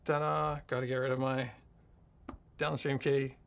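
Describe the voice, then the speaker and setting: A man's voice: medium pitch, measured pace, fairly bright tone. A man from Australia hosting a live tech tutorial from his home streaming studio, talking casually and thinking aloud as he works his gear. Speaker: livestream host.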